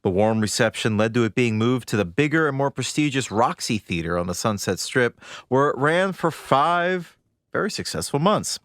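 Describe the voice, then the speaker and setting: Male podcast co-host, lively pitch swings, dry close sound. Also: moderate pace, no room sound. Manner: lively, animated storytelling. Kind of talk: scripted podcast narration.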